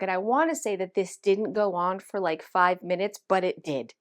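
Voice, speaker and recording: A woman, a vlog host telling a story to camera in an animated, dramatic way and acting out the quotes. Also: mid-range voice, moderate pace, few pauses.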